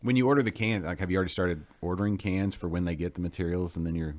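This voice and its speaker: A man's voice: sits low, a little mellow. A man, hosting a casual live interview with enthusiastic, rambling chatter. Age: 40s. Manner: enthusiastic, rambling, quick to laugh. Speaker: podcast host.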